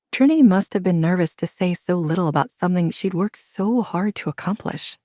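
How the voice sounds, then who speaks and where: A woman narrating a romance audio drama in a measured, even storytelling voice into a close studio mic. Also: lowish voice, no room sound. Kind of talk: scripted narration.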